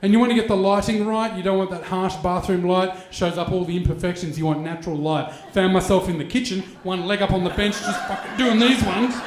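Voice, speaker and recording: Crude man in his forties, high voice. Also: brisk, few pauses, roomy sound. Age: 40s. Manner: crude, animated storytelling with mock voices. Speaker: stand-up comedian. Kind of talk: stand-up comedy set. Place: stage in a venue with an audience.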